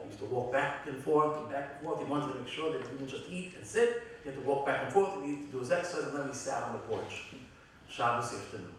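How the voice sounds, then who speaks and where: A middle-aged man, a rabbi, giving a heartfelt, halting eulogy with many restarts. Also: medium pitch, a little hiss or hum. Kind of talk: eulogy at a memorial gathering. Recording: very echoey hall from far off.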